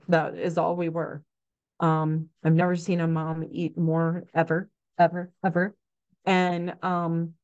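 A woman in her forties, a neonatal nurse practitioner, tells stories from her work in a frank, animated way. She slips into quoted voices and fills gaps with ums. Her voice sits a little low, and the recording sounds dull and lo-fi. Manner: frank, animated, acts out quotes, many fillers. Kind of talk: casual interview storytelling.

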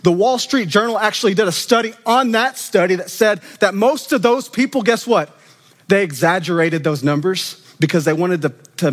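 High-voiced preacher in a reverberant hall. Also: male voice. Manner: animated, conversational, acts out quoted voices. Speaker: student minister. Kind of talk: sermon. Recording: long reverb of a church hall.

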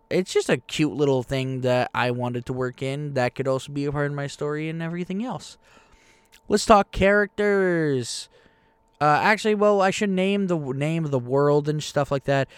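Excitable young man hosting his game podcast. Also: medium pitch, smooth, no echo. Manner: rambling, excitable, self-deprecating. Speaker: podcast host and game master. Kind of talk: casual podcast chat.

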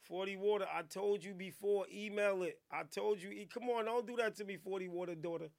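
A man hosting a radio podcast, riffing in casual, profane, animated banter. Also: high-pitched, brisk, gravelly. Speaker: radio show host. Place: radio studio.

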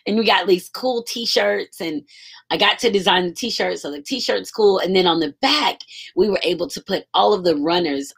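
A woman's voice: on the low side, gravelly, slightly rough. A woman on the staff of a school, telling a personal story in a casual, emotional way with some swearing.

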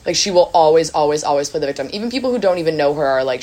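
A woman's voice: low voice, animated, very fast, darkish tone. A young woman hosting a podcast, chatting casually and filling her talk with "like". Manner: casual, lots of filler "like". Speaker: podcast host. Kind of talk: casual chat.

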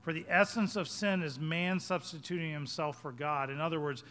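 Pastor guy preaching, high bright voice, goes quiet then loud. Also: steady tone, normal speed, few pauses. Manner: dynamic, swings between hushed and loud. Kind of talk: sermon.

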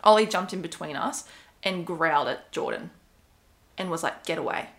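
A woman's voice: on the low side, moderate pace, fairly bright tone. A young woman casually telling a personal story, rambling with many fillers and quoted asides. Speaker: podcast co-host.

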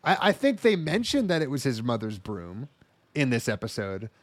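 A man's voice: medium pitch, big pitch swings, normal speed. A man co-hosting a podcast in casual chat, joking and riffing on an anime episode. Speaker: podcast co-host.

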